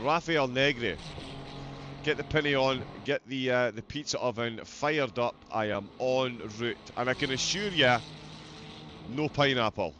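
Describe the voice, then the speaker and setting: A man's voice: medium pitch, measured pace, fairly bright tone, a little hiss or hum. A man with a Scottish accent giving live commentary on a sim race, chatty and joking as he reads out viewer messages. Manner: chatty, jokey, reads out chat.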